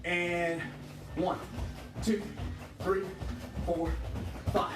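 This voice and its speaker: A man's voice: high voice, flat delivery, drawn-out words. A man teaching a livestreamed kickboxing class, counting reps and joking with the students. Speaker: kickboxing instructor. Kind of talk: livestreamed workout class instruction. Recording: echoey room with music behind.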